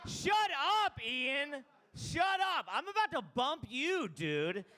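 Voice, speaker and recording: A man emcees a bar comedy night in a brash, crude, mocking way. His voice sits high and swings all over the place. It has a bright, sharp edge. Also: wildly swooping pitch, slow. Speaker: comedy show host. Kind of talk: open mic stand-up hosting. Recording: live mic in a bar room.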